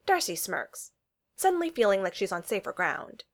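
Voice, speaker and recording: Casting: woman storyteller, lively intonation, reading fiction aloud. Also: medium pitch, normal speed.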